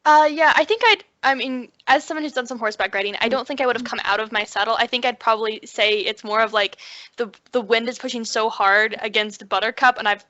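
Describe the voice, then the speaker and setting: A woman's voice: fairly high pitch, fast talker, bright, forceful tone, no room sound. A young woman player describing her tabletop character in a rambling way full of "like", heard through a dry, dull lo-fi recording. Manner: rambling, with many likes.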